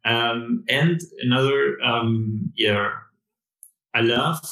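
Man, podcast guest, hesitant, gravelly, echoey room. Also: mid-range voice, sharp tone. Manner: slow, hesitant, many fillers. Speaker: guest, run crew member. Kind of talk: casual podcast interview.

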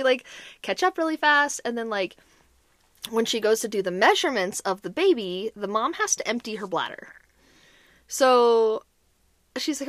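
Animated young woman telling a story. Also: on the high side, normal speed, dry recording, clean studio sound. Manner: animated, heavy use of "like", acts out quoted voices. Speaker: podcast co-host. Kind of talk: casual storytelling chat.

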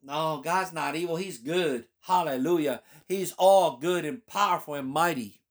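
A man's voice: on the high side, unhurried. A man preaching his testimony as a pastor, his delivery fervent and emphatic. He leans hard on key phrases and repeats them for weight while working through a passage of scripture. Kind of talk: personal testimony sermon reading scripture.

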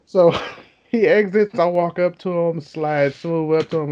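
A young man in his twenties telling a profane, animated story in casual chat, laughing as he goes. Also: fairly high pitch, unhurried. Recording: dull lo-fi sound.

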